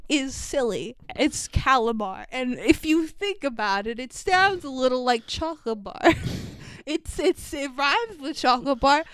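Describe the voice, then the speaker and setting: A woman podcast co-host telling a movie's plot in a loose, animated, giggly way, swearing as she goes. Her voice sits high and bright. The sound is dry and close, with no room around it. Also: measured pace, clean tone, no echo. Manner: giggly, profane, animated storytelling. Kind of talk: casual chat recapping a movie.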